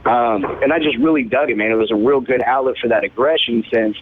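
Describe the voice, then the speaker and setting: A man's voice: mid-range voice, fairly quick, slight background noise. A man in his twenties, a rapper, telling stories casually in laid-back street slang, peppered with profanity and "man". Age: 20s. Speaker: rapper, interview guest. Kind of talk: casual storytelling. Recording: tinny phone-like line.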